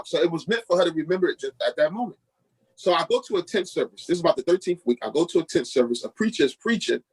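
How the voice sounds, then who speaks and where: A middle-aged pastor from Queens tells his testimony in a husky, slightly raised voice. He brings each scene to life by acting out what people said to him. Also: sits high, fast talker, low-quality recording. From Queens, New York. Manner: lively storyteller who acts out quoted dialogue. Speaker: pastor, podcast guest. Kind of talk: personal testimony storytelling.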